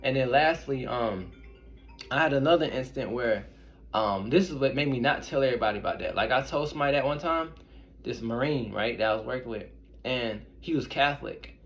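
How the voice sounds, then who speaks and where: A man's voice: mid-range voice, lively intonation, a little fast, creaky, a bit bright. A young man, an intuitive reader, casually telling personal stories to his viewers in a rambling, conversational way. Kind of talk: casual storytelling to camera.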